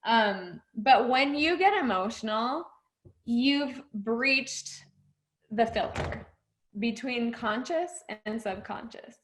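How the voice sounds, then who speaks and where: A woman's voice: on the high side, animated, slow, a bit bright, a little hiss or hum, poor audio. A woman leading a group mindset session over a video call, encouraging and emotional, laughing often.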